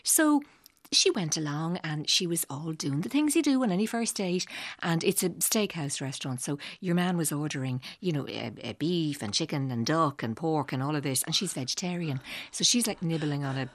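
A woman's voice: low voice, animated, moderate pace, no echo. A woman telling a rambling, chatty story in casual conversation. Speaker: guest novelist. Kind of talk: casual radio chat.

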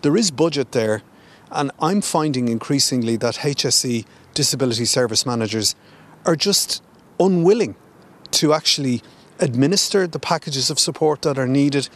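An Irish politician speaks in an interview with a mid-range voice. He builds impassioned, forceful criticism, pausing with occasional fillers. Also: mid-range voice. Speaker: senator. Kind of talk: news interview.

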